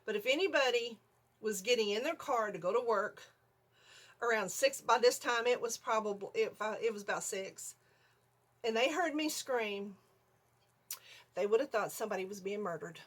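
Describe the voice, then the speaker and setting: A middle-aged woman, telling an animated story on her vlog, laughing often and acting out her own screams. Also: fairly high pitch, moderate pace, pauses often. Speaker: vlogger.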